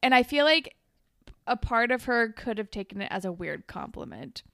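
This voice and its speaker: A woman's voice: fairly high pitch, big pitch swings, normal speed, gravelly, fairly bright tone, no echo, studio quality. A young woman co-hosting a casual podcast, chatty and swearing, acting out lines while recapping a TV episode. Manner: chatty, swears, acts out quotes. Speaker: podcast co-host.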